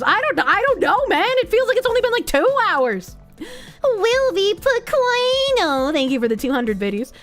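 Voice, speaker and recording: A young woman streamer with a high voice rambles through her livestream, reading donations and chat aloud. She is animated and swears freely, with soft, faint music playing quietly behind her.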